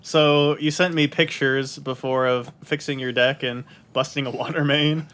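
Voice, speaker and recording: A man hosting a casual podcast chat, joking and trading quick banter with friends. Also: mid-range voice, steady tone, a bit bright, clean tone. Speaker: podcast host.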